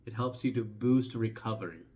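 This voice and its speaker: A young man explaining a topic in a casual vlog, conversational, often trailing off softly at the end of phrases and restarting words. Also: lowish voice, normal speed. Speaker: vlogger.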